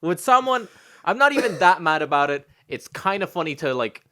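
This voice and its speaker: Irish guy in his 20s ranting on a podcast, swears a lot, voice jumps all over. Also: brisk. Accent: Irish with an Americanised tinge. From Spain. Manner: animated ranting, swears freely, jumps high when exasperated. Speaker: podcast co-host. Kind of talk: casual podcast chat.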